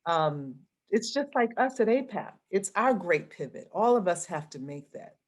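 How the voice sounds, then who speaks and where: A woman's voice: lowish voice, very animated, normal speed. A woman guest in an interview, an arts association president, speaking reflectively and thinking aloud with restarts. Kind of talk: conversational interview.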